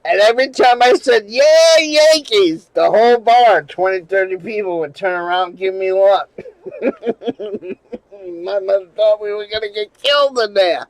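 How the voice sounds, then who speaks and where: A man with a notably high voice tells a long, rambling story on his channel, swearing freely and breaking into laughter as he goes. The sound is close and dry, with no room around it. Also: normal speed, no room sound, rough recording. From New England. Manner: rambling, profane, laughing often, with many restarts. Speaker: channel host. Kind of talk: casual storytelling livestream.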